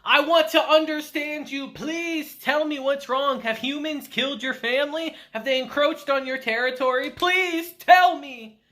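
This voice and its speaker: A man putting on the voice of an excitable, goofy middle-aged hero, pitched up and gushing. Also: normal speed, few pauses. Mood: pleading. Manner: high-pitched, gushing and overexcited.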